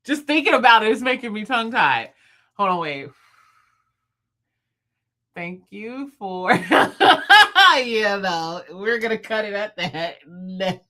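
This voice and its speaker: A young woman, hosting a casual livestream, talking fast and laughing often with her viewers. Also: medium pitch, lively intonation, fairly bright tone. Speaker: livestream host.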